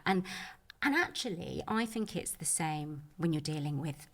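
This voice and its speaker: A woman's voice: on the low side, a little fast. A woman speaking as a menopause expert guest on a podcast, earnest and reassuring, with plenty of "you know". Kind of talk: podcast conversation.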